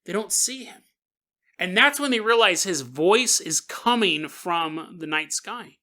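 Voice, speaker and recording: Lively, bright-voiced male podcast host. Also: high voice, measured pace. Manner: animated, laughing, jokes to the listener. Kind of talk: comedic paranormal storytelling.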